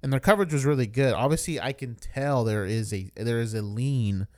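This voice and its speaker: A man's voice: mid-range voice, a little fast. A man co-hosting a casual podcast. He rambles, using lots of fillers and restarting his sentences as he explains things. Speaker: podcast co-host.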